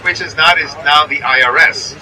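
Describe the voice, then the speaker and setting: A man's voice: on the high side, steady tone, normal speed, distant mic, a crowd in the background, low-quality recording. A man with a New York accent guiding a bus tour, chatty and checking in with his listeners as he points out sights from a moving vehicle. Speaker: tour guide. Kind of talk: guided bus tour narration.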